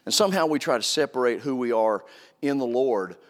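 A man's voice: medium pitch, expressive, a little fast. Earnest preacher man in a reverberant hall. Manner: earnest, emphatic, repeats phrases for stress. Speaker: pastor. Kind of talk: sermon. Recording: long reverb of a large hall.

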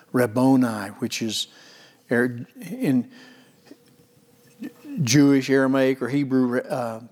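A man preaching a sermon in an earnest way, slowing down for emphasis and swinging from soft to loud. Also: mid-range voice. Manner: earnest, slows down for emphasis, rises and falls in loudness. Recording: long hall reverb.

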